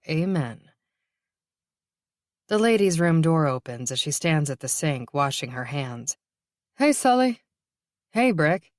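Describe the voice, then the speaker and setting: A woman narrating a novel in a measured, even reading. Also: low voice, no room sound, clean studio sound. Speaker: audiobook narrator. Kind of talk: scripted narration.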